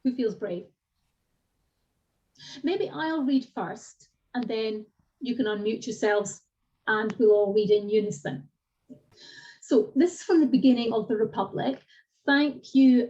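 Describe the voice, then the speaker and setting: A middle-aged woman teaching an online classics seminar, explaining pronunciation in a lively way and speaking directly to her participants. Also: a little high, measured pace. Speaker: classics lecturer. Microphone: video call. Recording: distant, dull lo-fi video call audio.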